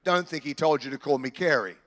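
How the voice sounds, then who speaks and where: A man preaching a sermon in church, animated and joking with the congregation. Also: fairly high pitch, fairly quick, in a large hall. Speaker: pastor. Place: church hall.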